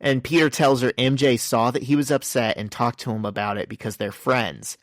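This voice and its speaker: A man's voice: mid-range voice, fairly bright tone, no room sound. Man recapping a comic on a dry mic. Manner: reads out comic dialogue in quick summaries. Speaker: podcast co-host. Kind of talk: casual podcast chat recapping a comic.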